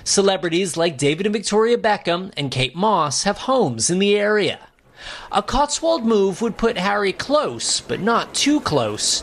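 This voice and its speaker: High-voiced male news correspondent, measured. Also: fairly bright tone. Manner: measured, formal. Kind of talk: scripted news report voice-over.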